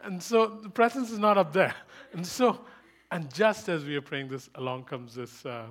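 Before a live congregation, a man delivers a sermon built on personal anecdote, his voice a little high for a man. He speaks at normal speed, tells stories with lively humour, laughs often, and repeats key lines for emphasis.

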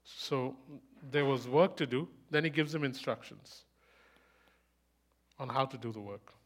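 A man preaching a sermon, fast and emphatic, asking rhetorical questions and rising into loud bursts. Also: medium pitch. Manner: speaks fast.

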